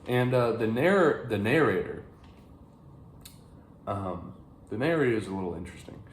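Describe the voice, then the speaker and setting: A man's voice: on the low side, lively intonation, normal speed. A young American man giving a rambling, casual book review to camera, with many fillers and restarts. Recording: echoey room, faint background hiss.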